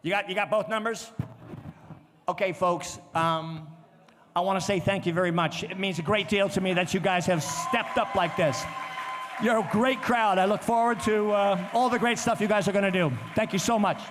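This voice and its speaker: A man with a very high voice calls out bids at a charity gala, rattling off numbers and joking with the bidders. His voice carries a long reverb through the event space, with faint noise behind it. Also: moderate pace. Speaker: charity auctioneer. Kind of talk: live auction calling. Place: gala event venue, indoors.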